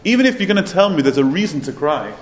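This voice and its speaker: A man's voice: fairly high pitch, sing-song, quick pace. Man telling a Torah lesson story. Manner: earnest storytelling with restarts. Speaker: Torah teacher. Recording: roomy echo, faint ambience.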